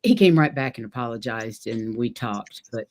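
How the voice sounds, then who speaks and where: A woman's voice: very deep voice, normal speed, a little mellow, slight background noise. A woman hosting a casual chat, chatty and often laughing. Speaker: podcast host.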